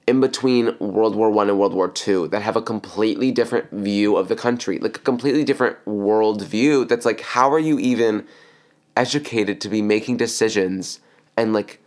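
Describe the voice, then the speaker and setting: A young man with a fairly low voice talks in loose, meandering casual chat. He fills his sentences with fillers and states blunt opinions as a podcast co-host. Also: normal speed.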